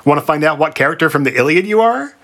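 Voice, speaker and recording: A fierce winged Sphinx, a female monster who flips between bloodthirsty threats and breezy chatter, done by a male narrator. The voice sits high and sounds bright and shrill. It suits a playful storybook reading. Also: expressive, fast.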